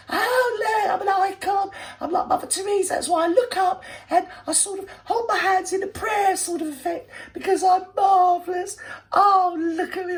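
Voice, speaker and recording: A woman mocking a self-adoring woman who plays a saint, in a high gushing falsetto.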